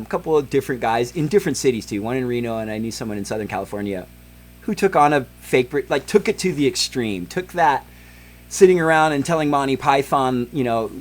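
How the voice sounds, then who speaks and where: A man in his forties hosting a podcast, ranting in heated, profane political commentary with many fillers. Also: medium pitch. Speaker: podcast host.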